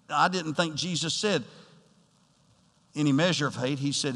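A man's voice: fairly high pitch, lively intonation, normal speed, gravelly, fairly bright tone, big-room sound. A male pastor preaching a sermon, building to emphatic bursts and talking straight to the congregation. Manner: preaching with rising emphatic bursts and direct address.

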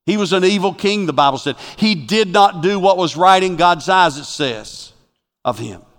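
A man preaching a sermon as a pastor, animated and swinging from loud to hushed. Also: sits high, normal speed, big-room sound.

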